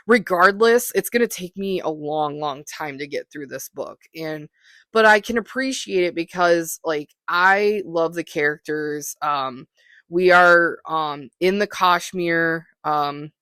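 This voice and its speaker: A podcast host rambling through a casual solo monologue, full of ums and likes and easy self-deprecation. The voice sits at a middling pitch. The sound is dry and close, with no room ring. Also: fairly bright tone, no echo.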